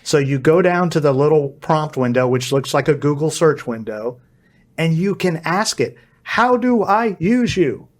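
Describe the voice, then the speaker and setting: Energetic man explaining on a podcast. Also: fairly high pitch, moderate pace. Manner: energetic, explanatory, acts out quoted dialogue. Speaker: podcast guest, AI consultant. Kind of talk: podcast interview.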